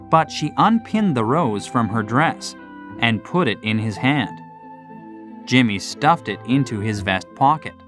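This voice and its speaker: A man narrating a classic short story for children in a slow, expressive scripted reading. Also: mid-range voice.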